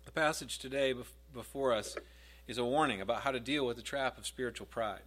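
A man's voice: medium pitch, brisk, a bit bright. A man preaching a sermon in a conversational way, asking his listeners questions and dropping his voice when he quotes scripture.

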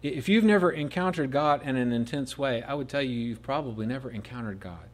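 A man preaching a sermon, rising to loud emphatic peaks and dropping to soft, slow asides on key phrases. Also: medium pitch. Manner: slows right down to dwell on key phrases.

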